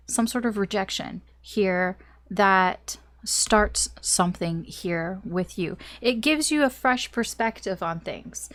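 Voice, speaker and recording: A woman's voice: medium pitch, animated, slow pace, a bit bright. Chatty young woman reading tarot. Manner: chatty, rambling, full of "like" and little laughs. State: a little choked up, coughing. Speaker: tarot reader. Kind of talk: casual tarot reading to camera.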